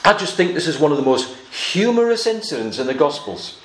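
A man's voice: fairly high pitch, big pitch swings, a little fast. Echoey man preaching a Bible sermon. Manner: expository Bible teaching with light humor. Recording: echoey room, faint background noise.

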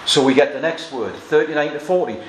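A man's voice: a little high, fairly quick. A man preaching an expository sermon, reading scripture aloud and explaining it verse by verse. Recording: echoey room with faint noise.

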